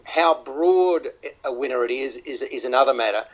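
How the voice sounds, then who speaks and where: A man's voice: medium pitch, normal speed. A man hosting a radio film review panel, often restarting and repeating words as he talks. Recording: dull lo-fi radio audio.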